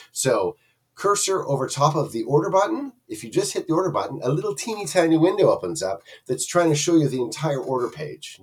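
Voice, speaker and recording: Casual reviewer, low lively voice, chatty and meandering, recorded slightly distant from the mic. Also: male voice, slightly rough. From Canada. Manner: rambling, chatty, many fillers and restarts. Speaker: product reviewer. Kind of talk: casual screen-share review.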